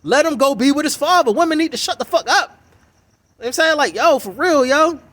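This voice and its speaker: A man's voice: extremely high pitch, lively intonation, brisk, fairly bright tone. A man giving a heated, swearing, mocking reaction commentary on a video. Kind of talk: profane ranting reaction commentary.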